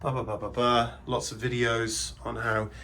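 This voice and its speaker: A man's voice: mid-range voice, flat delivery, normal speed, pushed and bright, a little hiss or hum. A man from England with an English accent, a video transfer shop owner talking bluntly and chattily in a casual vlog from his shop at night. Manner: blunt, chatty, ranting asides.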